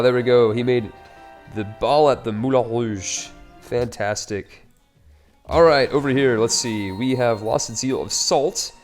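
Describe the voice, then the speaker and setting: Chatty man narrating his strategy game. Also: mid-range voice. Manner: upbeat, chatty, wry asides. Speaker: let's play host. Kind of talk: casual game commentary.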